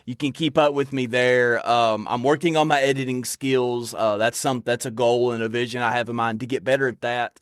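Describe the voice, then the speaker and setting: A man's voice: mid-range voice, fairly even intonation, moderate pace, hardly any pauses, smooth, no room sound, clean studio sound. A man with a Southern accent hosting a casual podcast, talking loosely with lots of laughs and folksy fillers. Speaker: podcast host.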